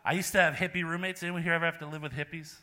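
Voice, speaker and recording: A young man from Portland doing a laid-back stand-up set at a small live venue, deadpan with sudden loud bursts. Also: a little high, rapid-fire, slight background noise. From Portland, Oregon. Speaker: stand-up comedian.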